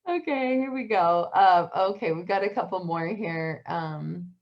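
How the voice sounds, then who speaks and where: A woman's voice: lowish voice, a little slow, slight background noise. A woman hosting a live stream who laughs often and reads out viewer comments. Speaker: host. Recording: slightly dull lo-fi sound.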